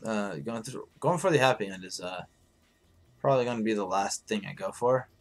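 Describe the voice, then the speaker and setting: A man hosting a live stream in casual chat, hoarse and rambling, swearing freely as he answers his viewers. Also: on the low side, expressive, brisk.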